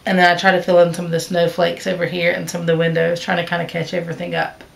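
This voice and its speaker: Here a woman speaks quickly in a gravelly, monotone voice that sits on the low side. Hiccuping, she vlogs about her stitching in a chatty, rambling way, repeatedly restarting sentences, using fillers and fixing her own words.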